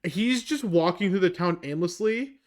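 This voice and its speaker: Higher-voiced man running a tabletop game. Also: expressive, moderate pace. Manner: loose, filler-heavy scene description. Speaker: game master.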